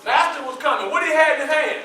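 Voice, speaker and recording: High bright man storytelling in a hall. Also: quick pace. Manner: animated, asks the audience questions and answers them. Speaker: historical reenactor performing in character. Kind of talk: first-person dramatic storytelling to a live audience. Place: large echoey hall with an audience. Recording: echoey hall from far off, mains hum.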